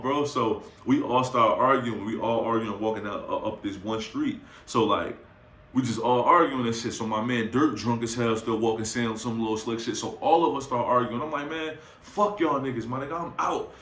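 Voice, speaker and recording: A young man telling a wild night-out story in a bright, forceful voice, slipping into quoted lines with plenty of swagger. His speech is loose and full of slang. The recording carries a noticeable roomy echo. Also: medium pitch. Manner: animated, slangy, acts out quotes. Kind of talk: casual storytime anecdote.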